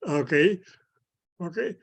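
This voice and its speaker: A man teaching an online physics class, slowly and patiently, filling his speech with "okay" and making small grammar slips. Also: fairly high pitch, expressive, creaky. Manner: repeats "okay" as filler, non-native grammar slips. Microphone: video call.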